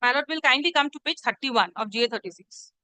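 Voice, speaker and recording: A woman's voice: sits high, animated, fast, sharp tone, dry recording, rough recording. A woman advocate, making a formal, deferential submission to a judge in a courtroom hearing and addressing him as "my lord" again and again. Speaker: advocate arguing before a judge. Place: courtroom hearing, live-streamed.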